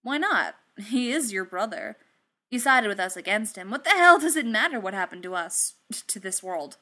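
A woman's voice: mid-range voice, lively intonation, moderate pace, natural voice. Woman doing a brash pushy inventor guy. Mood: insistent. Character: brash sarcastic male inventor, quick and pushy.

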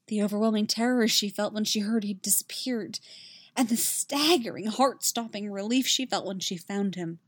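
A woman narrating a romance story aloud in an expressive, intimate way. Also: mid-range voice, normal speed, dry recording. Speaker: reader of fan fiction. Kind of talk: audiobook narration.

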